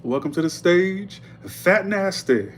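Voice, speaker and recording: A man's voice: high voice, animated, slow pace, background noise, voice pushed up. A man mimicking a strip club stage announcer, stretching out a hyped introduction.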